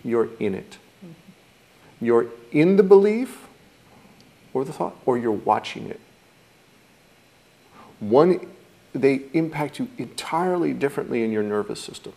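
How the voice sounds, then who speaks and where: A man with a gravelly, creaky voice at a middle pitch teaches mindfulness. He speaks in a thoughtful, reflective way, now and then acting out how people react. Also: expressive, measured pace, pauses often, darkish tone. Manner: thoughtful, acts out quoted reactions.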